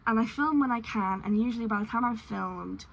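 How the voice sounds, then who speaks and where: A woman's voice: a little high, brisk, vocal fry, slight background noise, low-quality recording. A woman chatting casually in a vlog, rambling and candid with lots of ums. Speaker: crochet vlogger.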